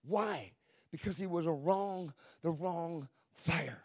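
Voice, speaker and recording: A man preaching a fervent sermon as pastor, calling out "come on" to the church and swinging between shouts and hushed lines. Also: a little high, takes it slowly, slightly rough, dry recording. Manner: fervent preaching with repeated "come on" call-outs. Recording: dull lo-fi, dry sound.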